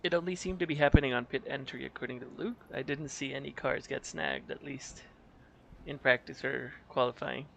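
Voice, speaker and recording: A man's voice: mid-range voice, fairly even intonation, brisk, creaky, sharp tone, a little hiss or hum. A man doing casual live commentary on a virtual race, joking around and laughing often. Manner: laughs often, playful, puts on accents as jokes.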